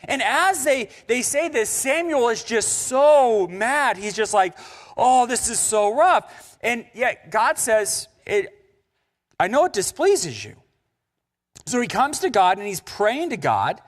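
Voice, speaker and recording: Animated, high-voiced young male pastor preaching. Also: takes it slowly. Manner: animated and conversational, with jokes and asides to the congregation. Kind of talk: sermon. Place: church sanctuary.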